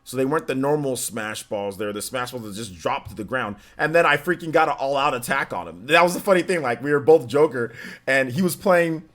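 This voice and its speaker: A man's voice: mid-range voice, animated, brisk, fairly bright tone. A man hosting a game livestream, chatting loosely with many restarts and reading out donations from chat. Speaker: livestream host.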